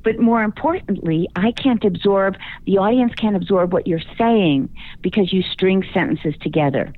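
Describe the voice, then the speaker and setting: A woman's voice: mid-range voice, moderate pace. A woman from Chicago, a guest speaking coach in a radio interview, giving confident, emphatic advice. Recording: phone-line call.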